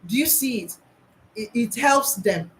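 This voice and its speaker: A woman's voice: a little high, expressive, unhurried, a little hiss or hum, low-quality recording. A woman school psychologist, talking earnestly to teachers about classroom practice, often restarting and repeating her points.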